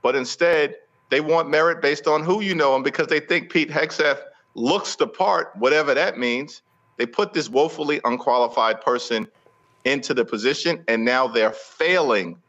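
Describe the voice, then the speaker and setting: A man speaking as a guest politician in an interview, forceful and rhetorical with a speechmaking cadence. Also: a little high, moderate pace, highs cut off.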